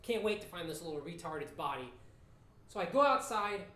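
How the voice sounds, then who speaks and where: A man telling a comic story in a confessional, deadpan way, with casual profanity, in an echoey room. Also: on the high side, brisk, slight background noise. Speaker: stand-up comedian.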